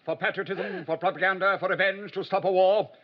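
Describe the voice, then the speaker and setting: A man's voice: sits high, fairly even intonation, fairly quick, lightly acted. An actor playing a cold male interrogator who presses a suspect in a probing, insistent way. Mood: interrogating. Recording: muffled old TV clip.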